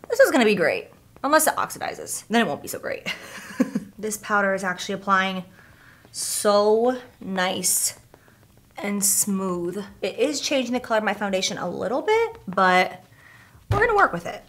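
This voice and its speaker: A young woman chatting casually through a makeup tutorial, gushing over products and sometimes dropping to a soft near-whisper. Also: medium pitch, sing-song, normal speed. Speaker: beauty vlogger.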